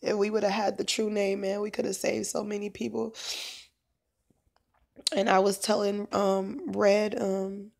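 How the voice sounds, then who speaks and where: A woman's voice: mid-range voice, flat delivery, measured pace, vocal fry, darkish tone. A woman talking casually on a phone livestream as a prayer minister, meandering with lots of fillers and asides.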